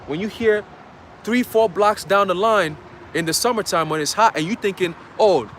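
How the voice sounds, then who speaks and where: A man's voice: sits high, normal speed, fairly bright tone, a little hiss or hum. A man preaching a dramatic, slangy sermon outdoors in a city, often checking in with his listeners. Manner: emphatic, checks in with "okay?". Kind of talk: street sermon.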